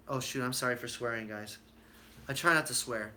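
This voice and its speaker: A man's voice: mid-range voice, brisk, bright, forceful tone, slight background noise. A man hosting his own live stream, chatting casually and telling stories with plenty of fillers and acted-out quotes.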